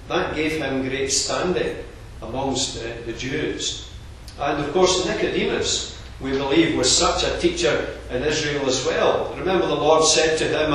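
A man preaching a sermon in a measured, earnest expository manner. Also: a little high, a bit bright, a little hiss or hum. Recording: very echoey, distant room recording.

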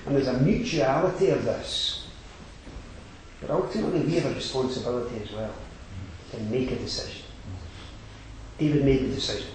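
A man preaching a sermon, swinging between quiet reflection and loud emphatic exhortation. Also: fairly high pitch, a little hiss or hum. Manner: rising to emphatic exhortation, then dropping quiet. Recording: very echoey hall.

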